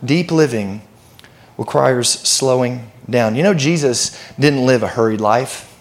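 A man's voice: mid-range voice, unhurried. A man preaching a sermon, talking in a conversational, emphatic way and asking the listeners questions. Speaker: pastor.

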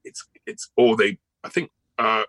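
A male actor speaks as a guest in a casual interview, rambling on with ums and restarts. His voice sits fairly low but sounds bright and forceful. It is recorded dry and close. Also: unhurried, no echo, rough recording.

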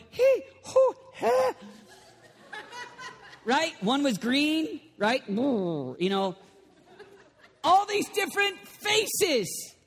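High-voiced preacher man in a big echoing hall. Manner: animated, playful, bursts into shouting. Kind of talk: lively sermon. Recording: long reverb of a large hall.

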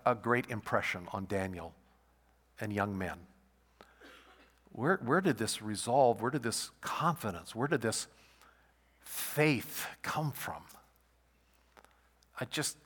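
A man preaching a sermon as pastor, halting and repeating words, then rising to loud emphatic peaks. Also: on the low side. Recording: long hall reverb.

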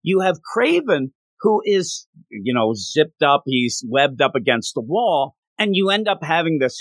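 A man co-hosting a casual comic book chat, ranting in an animated, exasperated way. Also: fairly high pitch, measured pace, few pauses, no echo. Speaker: podcast co-host.

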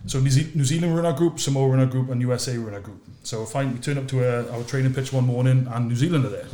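A man, a podcast host and former sevens captain, telling a lively anecdote that drops low and quiet for asides. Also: rapid-fire, hardly any pauses, echoey room, a little hiss or hum. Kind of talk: animated storytelling in a casual chat.

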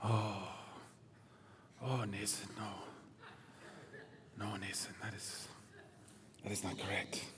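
A man's voice: high voice, wildly swooping pitch, slow pace, long reverb tail, noisy background, pitched above the performer's own voice, full character voice. A man voicing an older male teacher with a thick put-on Danish accent who plays favorites. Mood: dismissive. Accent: put-on Danish, done badly.

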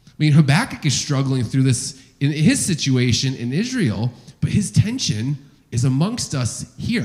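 A man's voice: medium pitch, moderate pace. A man preaching a sermon in a church, building his points through rhetorical questions. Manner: animated, rising and falling emphasis, rhetorical questions. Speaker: pastor. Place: church sanctuary with congregation.

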